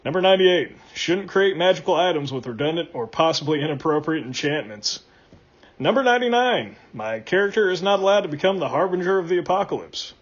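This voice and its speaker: A man reading out a comedic list in a deadpan way, his voice rising on each number and dropping low at each punchline. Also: a little fast, lo-fi sound. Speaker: list reader.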